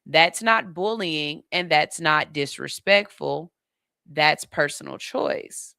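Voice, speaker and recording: Woman radio host, bright tone, dry close mic, animated casual talk. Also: low-pitched, takes it slowly, vocal fry, clean tone, no room sound. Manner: animated, playful, gushing, then firm and reasoned.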